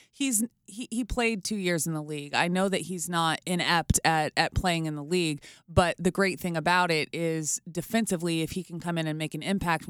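A woman co-hosting a sports radio talk show, giving measured, analytical takes. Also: lowish voice, smooth, dry recording, studio quality. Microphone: studio microphone.

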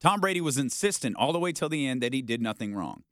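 A man hosting a sports talk show, arguing his point in a casual, animated way and acting out how people might react. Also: medium pitch, quick pace, no echo, clean studio sound. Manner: animated, argumentative, acts out quoted reactions.

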